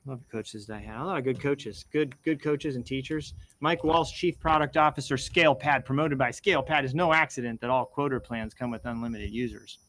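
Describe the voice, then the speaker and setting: A man's voice: mid-range voice, a little fast, hardly any pauses, fairly bright tone, a little hiss or hum, rough recording. A man hosting a casual show, reading posts aloud and wandering off into enthusiastic personal asides. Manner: meandering, self-interrupting, enthusiastic asides. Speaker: host reading social media posts. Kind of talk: casual rambling commentary.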